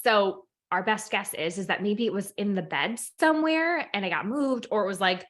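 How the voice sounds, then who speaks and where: A woman coach casually telling a personal story to camera in an animated, excitable way, full of "like", sometimes dropping to a whisper. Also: mid-range voice, moderate pace. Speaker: manifestation and meditation coach.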